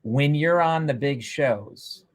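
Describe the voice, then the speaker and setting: A man hosting a live stream interview, talking with energetic, salesy push and repeating himself. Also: on the high side, slow pace. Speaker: host.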